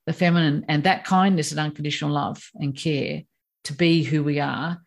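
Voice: mid-range voice, steady tone, normal speed, vocal fry. A course teacher explaining ideas in an emphatic conversational way, acting out quoted voices. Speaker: course teacher on personality animals.

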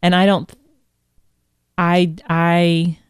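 Woman from Indiana, lower voice, self-deprecating, repeats herself, dry close sound in casual chat. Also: monotone, drawn-out words, clear, resonant tone, no echo.

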